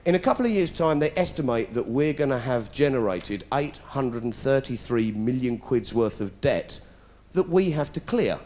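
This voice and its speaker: A man's voice: mid-range voice, expressive, moderate pace, hardly any pauses, a little mellow, slight background noise. A middle-aged British man telling a sarcastic stand-up story, putting on voices as he goes. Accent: British English. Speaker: comedian. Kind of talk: stand-up comedy routine. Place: stage before a live audience.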